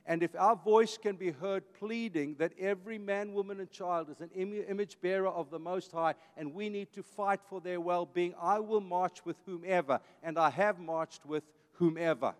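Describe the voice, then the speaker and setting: Hardly pausing, a high-pitched pastor in his fifties from South Africa speaks at normal speed to his church. He has an Afrikaans accent and an emphatic, preacherly style with repeated phrases, and the sound is big-room.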